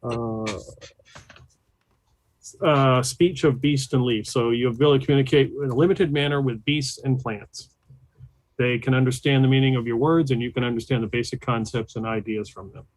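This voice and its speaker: A man taking part as a player in a tabletop game, speaking deliberately and reading out a rule. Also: mid-range voice, fairly even intonation, dry recording, low-quality recording. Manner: deliberate, reads rules aloud.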